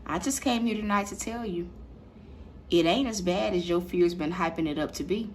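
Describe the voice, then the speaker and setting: A woman's voice: fairly low pitch, moderate pace, a little mellow, a little hiss or hum. Emphatic woman preaching on a livestream. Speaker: online preacher. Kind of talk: livestreamed sermon. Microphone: livestream mic.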